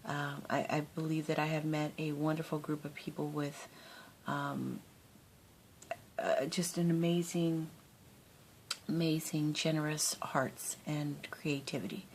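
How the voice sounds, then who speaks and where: Low-voiced lady rambling on about crafting, laughs a lot, faint rumble behind her. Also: level tone, measured pace. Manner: chatty, rambling, laughs often. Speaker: crafting vlogger. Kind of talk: casual chat to camera.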